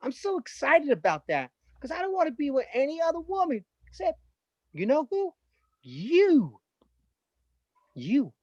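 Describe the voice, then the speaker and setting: A man improvising an anxious young fiancé who keeps trying to please, with a high voice that stumbles over his restarts. The sound is dull and dry, like lo-fi video-call audio. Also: wildly swooping pitch, unhurried, pauses often, no echo, heavily acted. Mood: pleading. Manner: eager, placating, stammering restarts. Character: anxious young man, newly engaged boyfriend. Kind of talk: improv scene.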